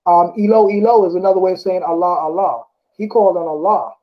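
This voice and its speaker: In a steady tone, a man with a rather high voice discusses scripture casually, pausing to read verses slowly and frequently correcting himself. He rambles, often asking "you know what I'm saying?", and the audio is dull and lo-fi.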